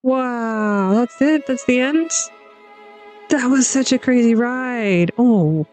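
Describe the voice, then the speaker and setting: A woman giving an excitable, panicky let's-play commentary, laughing and gasping as she plays. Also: a little high, slow pace. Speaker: gaming channel host. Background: game music.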